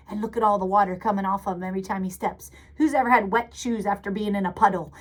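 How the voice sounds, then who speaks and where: A woman teacher reading a picture book aloud to children, animated and stopping to ask them questions. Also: medium pitch, quick pace, few pauses.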